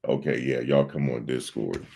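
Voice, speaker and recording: A man's voice: extremely low pitch, steady tone, moderate pace, creaky, warm tone, a little hiss or hum. A man hosting a livestream, rambling in casual chat and talking straight to his viewers in the chat. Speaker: livestream host.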